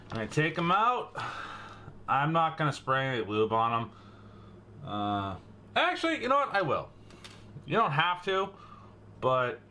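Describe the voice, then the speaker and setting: A man's voice: medium pitch, pushed and bright, slight background noise. A young man with a Boston accent hosting a casual gun-maintenance how-to, chatty and jokey, calling his viewers guys and bro. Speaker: gun channel host.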